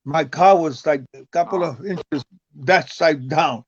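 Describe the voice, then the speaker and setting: A man's voice: on the high side, moderate pace, breathy edge, no room sound. Older man rambling through an old story. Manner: rambling, stumbles and repeats words. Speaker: guest, retired wrestler. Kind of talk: casual storytelling interview. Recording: dull, lo-fi, dry sound.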